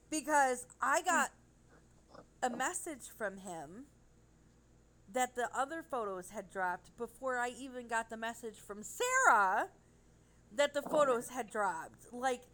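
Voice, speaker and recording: A woman telling a rambling, animated story in casual chat. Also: fairly high pitch, takes it slowly, pauses often, rough recording.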